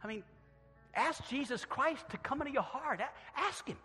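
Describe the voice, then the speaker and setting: A male pastor preaching a sermon and altar call in a church, swinging from loud acted quotes to quiet earnest appeals. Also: very high voice, animated, moderate pace, soft background music. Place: church sanctuary. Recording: long church hall reverb.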